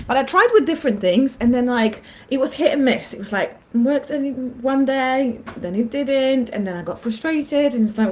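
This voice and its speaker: Animated woman telling a personal story. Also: high-pitched, moderate pace, hardly any pauses, slight background noise. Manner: animated, acts out her own inner voice. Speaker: vlogger. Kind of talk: casual storytelling monologue.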